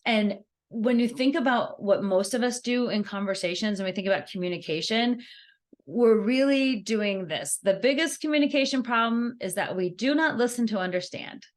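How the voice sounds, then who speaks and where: A woman giving a networking skills workshop, talking in an animated, conversational way and laughing easily as she acts out examples. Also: fairly high pitch, moderate pace. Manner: laughs easily while explaining. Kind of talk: workshop presentation.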